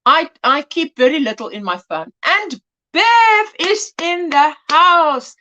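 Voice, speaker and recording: A South African woman hosts a casual crochet livestream on her phone, chatting, greeting viewers and reading their comments aloud. Her voice sits high and sounds animated, slow and sharp in tone, with lo-fi sound quality.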